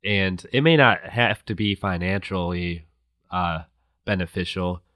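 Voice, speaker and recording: A man hosting a casual chat, talking in a measured, thoughtful way. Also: low-pitched, fairly bright tone, no echo, studio quality. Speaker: podcast host.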